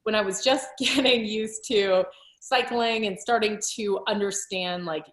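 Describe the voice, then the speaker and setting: A woman's voice: mid-range voice, measured pace, fairly bright tone. A woman cycling coach and author talking casually in an interview, chatty, with frequent laughs, fillers and restarts. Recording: roomy echo.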